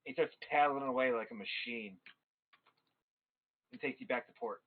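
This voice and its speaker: A man's voice: mid-range voice, moderate pace. A man running a tabletop game as game master, narrating in a casual, profane way. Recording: tinny phone-like mic.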